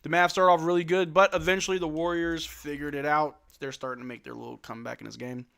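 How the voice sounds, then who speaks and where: Doing play-by-play on a relaxed livestream watch-along, this man has a slightly high, fast, creaky yet smooth voice. He answers chat questions after reading them out and bursts out loudly when big plays happen.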